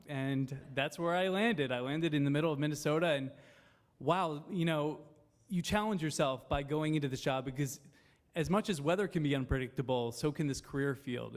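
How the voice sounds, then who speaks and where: A man with a slightly high voice speaks to a seminar audience. He talks in a chatty, rambling way, full of fillers and friendly asides, as a TV meteorologist introducing himself on a panel. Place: seminar room before an audience.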